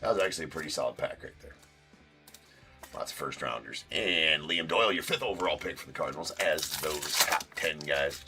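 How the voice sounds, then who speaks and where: A man's voice: extremely low pitch, fairly quick, music in the background. A man hosting a live-stream card break, talking loosely and casually, swearing and then jokingly apologizing. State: sore tooth.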